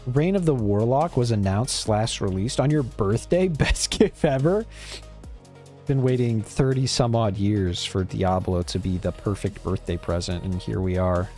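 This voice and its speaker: Speaking at normal speed with hardly any pauses, a man with a lowish, dark-toned voice gives laid-back gameplay commentary to his stream chat. He swears now and then, and soft music plays behind him.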